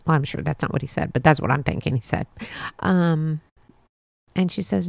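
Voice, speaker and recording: A woman's voice: deep voice, moderate pace, creaky, long pauses, no room sound. A woman hosting a podcast, telling a story in a casual, meandering way, with many fillers and restarts. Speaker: podcast host.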